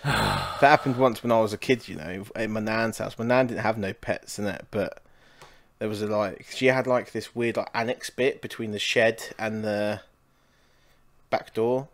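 A man's voice: on the low side, steady tone, moderate pace. A man co-hosting a podcast, chatting casually and swearing, with slang like "innit" and "bro". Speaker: podcast co-host. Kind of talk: casual chat.

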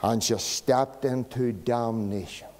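Male pastor, dark mellow voice, dramatic pauses, reverberant church hall. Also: mid-range voice. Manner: dramatic pauses, sinking to a hush on key words. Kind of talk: sermon.

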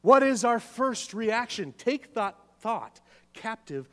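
A man's voice: very high voice, sing-song, slow, pushed and bright. A man preaching a sermon as pastor in a church, emphatic, repeating key phrases and putting questions to the congregation. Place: church sanctuary. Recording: long church reverb.

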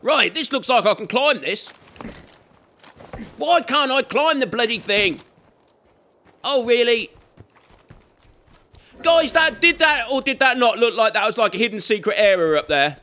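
A man's voice: very high voice, lively intonation, a little slow, pauses often, bright, forceful tone. A man giving chatty let's play commentary, teasing and scolding the game and its characters as he plays. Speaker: gaming YouTuber.

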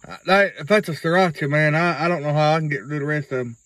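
A man's voice: fairly high pitch, quick pace, a bit bright, dry recording, poor audio. A man, rambling through a casual video blog in a folksy way and repeating himself. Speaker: vlogger.

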